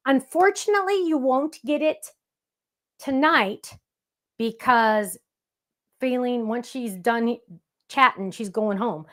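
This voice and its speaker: A woman's voice: on the high side, slow pace, pauses often, fairly bright tone. A woman hosting a live craft demonstration, chatting playfully with viewers in the chat as she works. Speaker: crafting show host.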